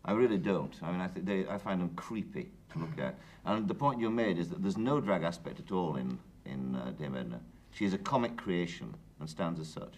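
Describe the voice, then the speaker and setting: A man hosting a talk show with a Northern English accent, asking brisk, probing questions. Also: low-pitched, animated. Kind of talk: interviewing. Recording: 1980 TV studio with light hiss.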